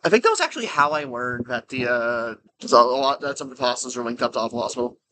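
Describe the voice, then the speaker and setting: Rambling man with a bright voice. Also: medium pitch, level tone, brisk. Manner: rambling, many restarts and fillers. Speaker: game streamer. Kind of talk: casual commentary while playing.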